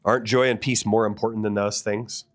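A man's voice: on the low side, little pitch movement, a little fast. A man preaching a sermon as a pastor, earnest and asking the listeners direct questions.

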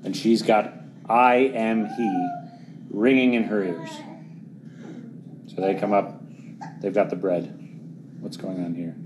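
A man preaching a sermon, earnest, often dropping to a hushed voice for dramatic moments and then pushing louder for emphasis. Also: low-pitched, noisy background. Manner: earnest, swings between quiet dramatic drops and louder emphatic pushes.

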